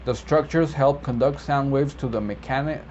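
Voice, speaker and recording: A man who works as a medical interpreter, explaining vocabulary in a relaxed, rambling way with many fillers and self-corrections. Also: mid-range voice, moderate pace. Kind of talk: casual explainer video. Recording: slightly dull lo-fi audio with faint background noise.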